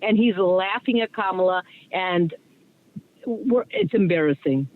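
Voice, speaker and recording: A woman's voice: fairly low pitch, expressive, a little slow, a little hiss or hum. A woman calling in to a radio show, earnest and chatty. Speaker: caller. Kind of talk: call-in conversation. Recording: tinny phone line.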